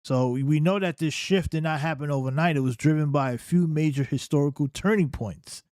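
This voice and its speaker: A man talks through political history in an unscripted reaction commentary. He is emphatic and keeps turning to the listener with "right?". His voice sits a little high, and the sound is dry and close to the mic. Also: a little fast, darkish tone, dry recording.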